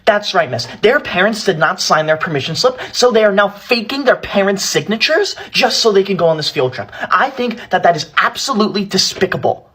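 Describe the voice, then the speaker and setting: A smug teacher's pet, as a performer acts it out runs to the teacher over every tiny rule. The voice is a touch breathy and husky, with pitch that leaps around in a lively, singsong way. Everything comes out prissy and self-righteous. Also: a little fast, hardly any pauses. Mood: tattling. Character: smug tattletale know-it-all schoolkid, teacher's pet. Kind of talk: comedy skit acting.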